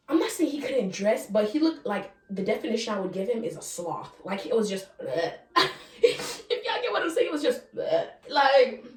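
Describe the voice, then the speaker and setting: A woman's voice: a little high, a little mellow, far from the mic. A young woman rambling through a casual storytime, blunt and chatty, cursing now and then and turning to address her viewers. She sits back from the mic, and the room gives her voice a hollow, roomy ring. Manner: chatty, frank, swears freely; talks straight to viewers. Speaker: vlogger.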